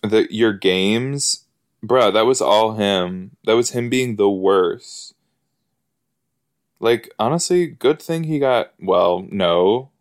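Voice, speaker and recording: A man giving casual, excitable commentary while watching an episode, chatty and full of fillers and gasps. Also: lowish voice, slow. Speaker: podcast host reacting to an episode.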